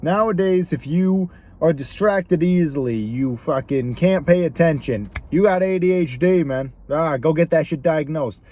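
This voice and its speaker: A man's voice: on the high side, unhurried, darkish tone, slight background noise. A young man delivering a blunt, profane comedic rant straight to camera, firing off mocking rhetorical questions. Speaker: vlogger.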